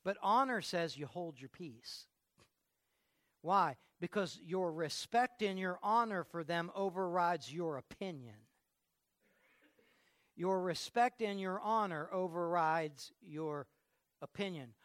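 A male pastor delivers a sermon in an easy, conversational manner and often restarts and repeats his words. His voice sits high for a man and sounds bright. The recording is dry and close. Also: expressive, dry recording. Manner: conversational preaching with frequent halting repeats.

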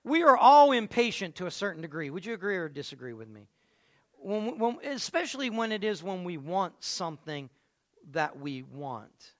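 Bright gravelly-voiced male preacher. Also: high-pitched, moderate pace. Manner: animated, calls on listeners by name. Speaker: pastor. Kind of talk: sermon.

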